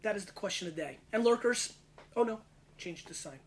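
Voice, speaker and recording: A man in his thirties hosting his own wine review show, talking in a brash, slangy, rapid-fire way as he scores and riffs on each bottle. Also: high voice, animated. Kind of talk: casual video wine review.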